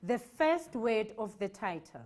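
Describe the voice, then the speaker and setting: A South African woman teaching young children in a classroom, speaking in a deliberate, clearly articulated way. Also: on the high side, big pitch swings, a little mellow, slight background noise. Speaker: primary school teacher.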